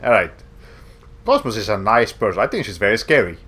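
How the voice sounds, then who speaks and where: A man's voice: on the low side, big pitch swings, a bit bright, breathy edge. Rambling, jokey young male streamer. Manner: rambling, jokey, quick asides. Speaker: game streamer. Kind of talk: let's play commentary.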